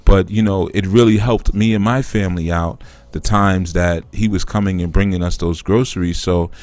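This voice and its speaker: A man's voice: low voice, fairly even intonation, moderate pace, a little mellow, no room sound. A man hosting a live spiritual teaching talk, explaining through a conversational parable that he acts out.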